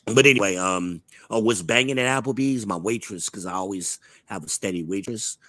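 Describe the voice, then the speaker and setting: A man's voice: fairly low pitch, brisk, sharp tone, no room sound. A man from Charlotte hosting a live online talk show, talking in a blunt, profane, swaggering, opinionated way. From Charlotte, United States. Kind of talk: casual opinionated chat.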